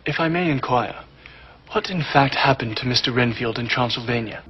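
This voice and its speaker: An actor playing a formal, deferential servant in a TV drama clip. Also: male voice, medium pitch, a little fast, pushed and bright, slightly rough.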